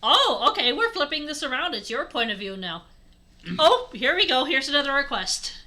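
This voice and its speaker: A young woman hosting a comic read-aloud of a fanfic, mostly deadpan with laughs breaking through. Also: high-pitched, moderate pace. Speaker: host reading a fanfic aloud. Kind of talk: comic dramatic reading.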